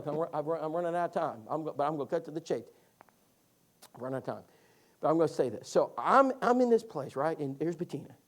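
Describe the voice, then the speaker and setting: Animated man preaching a sermon class. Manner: animated storytelling with lively pitch swings.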